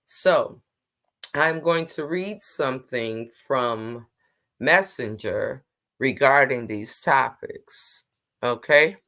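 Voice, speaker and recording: Low-voiced woman hosting a casual livestream. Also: expressive, very slow, a bit bright. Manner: chatty, teasing, greets viewers by name. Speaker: livestream host.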